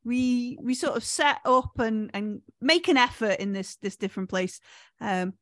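A woman, narrating a tabletop game as game master, with many pauses and restarts. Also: on the high side, fairly bright tone, dry recording, studio quality. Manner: hesitant, many fillers and restarts.

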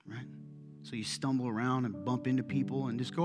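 A middle-aged male pastor giving a casual, joking, animated sermon in a church. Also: medium pitch, brisk. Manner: conversational, joking, animated preaching. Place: church sanctuary. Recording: echoey hall, soft guitar behind.

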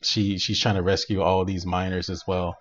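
A man co-hosting a podcast, casually retelling a movie plot in an animated way, laughing often and using many fillers. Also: sits low, moderate pace, muffled recording, a little hiss or hum. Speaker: podcast co-host. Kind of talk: casual chat, recapping a movie.

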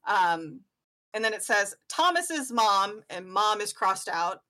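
A woman's voice: medium pitch, fairly even intonation, a little slow, sharp tone. A woman game master narrating a tabletop role-playing game, chatty and giggly with lots of fillers.

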